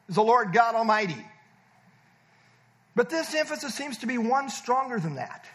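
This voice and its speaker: High-voiced emphatic preaching man. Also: bright, forceful tone. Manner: emphatic, repeating words for stress; teaching, explains verb tenses and verses. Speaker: pastor. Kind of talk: sermon.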